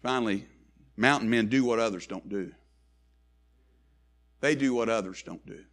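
A man preaching a sermon, swinging from hushed, low lines to ringing, raised ones. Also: moderate pace.

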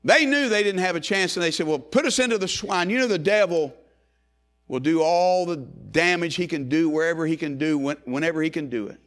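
Fairly quick in pace, this man's sermon rises into loud calls and drops into hushed low phrases, with lines repeated in a building cadence.

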